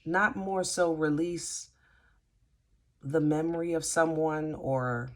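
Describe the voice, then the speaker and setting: A woman giving a casual tarot reading, halting and gently reassuring, often restarting her sentences. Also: sits low. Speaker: tarot reader.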